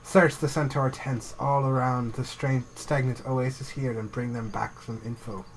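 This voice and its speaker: A man's voice: mid-range voice, level tone, normal speed, background noise, natural voice. A man putting on a wry Jamaican-accented troll scout. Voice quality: put-on accent, reading quest text aloud.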